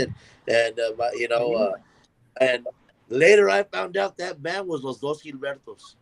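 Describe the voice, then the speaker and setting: A man, a musician guest on a podcast, telling a story in an animated way and acting out the voices of the people in it. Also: medium pitch, normal speed, creaky, rough recording. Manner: animated, acts out quoted voices in his stories.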